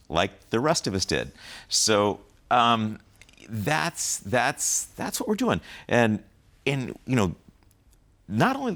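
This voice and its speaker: A man giving political commentary as a guest on a video call, rambling and full of fillers and restarts. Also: mid-range voice. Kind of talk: casual interview commentary.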